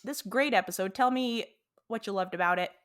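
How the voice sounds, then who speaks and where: A woman's voice: medium pitch, a little fast, a bit bright. A woman hosting a casual podcast, reacting to her guest and echoing her words with laughter. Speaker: podcast host.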